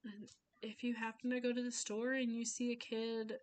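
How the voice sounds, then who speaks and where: A woman's voice: fairly high pitch, little pitch movement, normal speed, a little mellow. A young woman giving an informal class speech, chatty, often acting out little conversations in voices.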